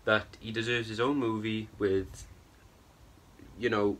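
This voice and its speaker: Speaking slowly with little pitch movement, a young man vents about a film in a casual review vlog, his somewhat low voice fairly bright in tone. He wanders and loops back on himself, keeps asking "right?" and saying "bro," and sounds openly exasperated.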